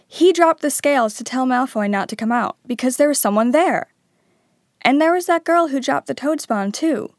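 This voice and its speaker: A woman voicing an excitable teenage boy wizard, urgent and emphatic. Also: high-pitched, normal speed, dry recording, studio quality, voice pushed up.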